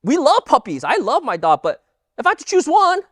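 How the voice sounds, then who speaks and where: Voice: sits high, a little fast, no echo, clean studio sound. A Bible teacher giving an emphatic lesson and firing rhetorical questions at the audience. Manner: animated, emphatic delivery.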